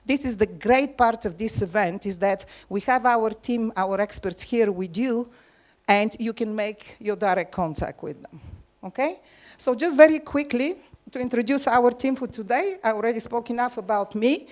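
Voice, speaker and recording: A woman's voice: medium pitch, moderate pace, a little mellow. A woman presenting a live seminar, speaking directly to the audience and inviting them to ask questions.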